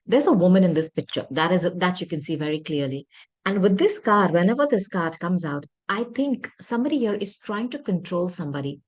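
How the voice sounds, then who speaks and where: A woman's voice: fairly low pitch, animated, brisk. A woman giving a tarot reading, talking earnestly to her viewers and often apologizing or thinking aloud. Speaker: tarot reader.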